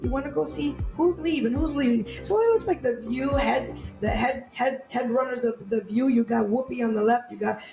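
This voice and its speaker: A woman's voice: a little high, normal speed, creaky, few pauses, dark tone, soft background music. A woman co-hosting a podcast in casual chat, laughing often and repeating words as she tells stories. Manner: chatty, laughing, repeats words while storytelling. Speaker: podcast co-host. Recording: echoey room with faint ambience.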